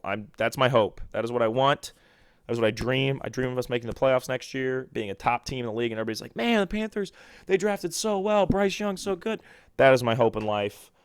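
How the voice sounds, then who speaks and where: A young man hosting a solo sports podcast, rambling excitably and poking fun at himself. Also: mid-range voice, no echo, clean studio sound. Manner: rambling, excitable, self-deprecating. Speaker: podcast host.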